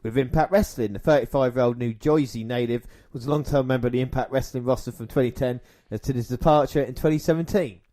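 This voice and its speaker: Meet a mellow, warm-toned man co-hosting a podcast in a loose, casual news-chat style. He laughs easily and stumbles over his words now and then, keeping things relaxed. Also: mid-range voice, fast talker, few pauses. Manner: chatty, laughs often, trips over words. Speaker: podcast co-host.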